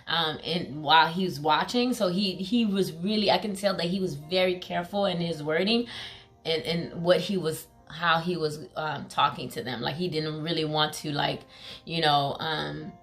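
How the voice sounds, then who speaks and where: A woman's voice: fairly low pitch, fairly bright tone. A young woman telling a personal story in a casual vlog, talking with lots of "like" and filler words. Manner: emphatic, heavy use of "like" and fillers; acts out quoted pleas in a raised voice.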